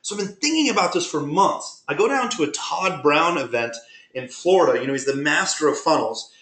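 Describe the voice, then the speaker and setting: A man presenting a webinar, telling business stories in an animated way and acting out conversations he had. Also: fairly high pitch, brisk. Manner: animated, retells conversations with quoted dialogue. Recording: roomy echo.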